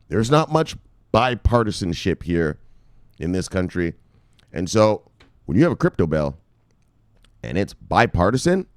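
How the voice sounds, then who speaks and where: A man from Canada giving excitable, profane crypto news commentary, repeating himself and calling viewers brothers. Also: on the low side, dry recording, studio quality.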